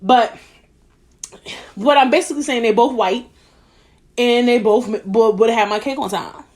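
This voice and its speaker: A young woman telling a story as a podcast host, blunt, profane and animated. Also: on the high side, moderate pace. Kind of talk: casual monologue.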